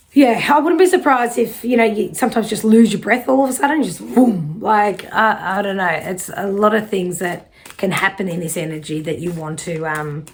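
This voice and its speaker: Middle-aged aussie woman doing a chatty psychic card reading, reassuring, swears a bit, mid pitch. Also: a little hiss or hum. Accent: Australian. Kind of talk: casual spiritual card reading.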